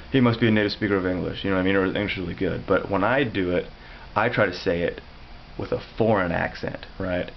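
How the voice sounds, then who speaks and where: A man's voice: low voice, a little fast, vocal fry, pauses often, muffled recording, a little hiss or hum. A man talking to camera in a casual video about languages, explaining as he goes and often breaking off and restarting his sentences. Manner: rambling, self-correcting, explanatory. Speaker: language vlogger.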